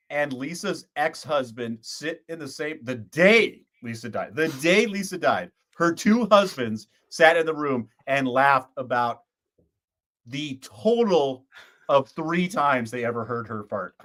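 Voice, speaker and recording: A man co-hosting a podcast, giving slow, short, supportive replies in casual conversation. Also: a little high, animated, a bit bright. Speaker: podcast co-host.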